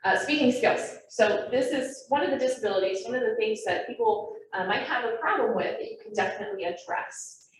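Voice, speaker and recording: Her voice here sits on the high side with lively intonation as this young woman runs a naturalist training class, quick, chatty and self-aware. It's a meeting room with people present and online, recorded from a distance with echo, a faint hum and noise.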